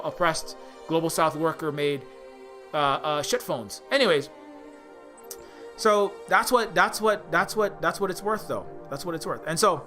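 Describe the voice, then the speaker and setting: A man's voice: high-pitched, bright, forceful tone. A man from Hawaii, an indie game developer, delivering a heated, profane rant full of restarts and repetitions. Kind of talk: ranting monologue.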